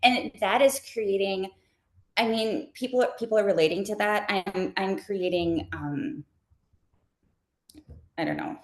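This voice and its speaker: Fast-talking woman in a roomy room. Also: medium pitch. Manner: fast-talking, animated storyteller. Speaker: live shopping creator, interview guest. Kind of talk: casual interview answers. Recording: roomy echo.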